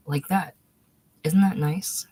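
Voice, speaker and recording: A woman's voice: low-pitched, fairly even intonation, slow, dark tone, slightly rough, exaggerated voice. A woman voicing a pretty, self-assured young woman in an audiobook reading, talking in an offhand, chatty way.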